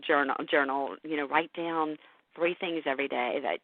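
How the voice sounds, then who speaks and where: A woman's voice: sits low, normal speed, no echo. Candid woman on a tinny phone line. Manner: emotional, candid, animated storytelling with laughs. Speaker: podcast host and caregiver guest. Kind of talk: casual interview chat.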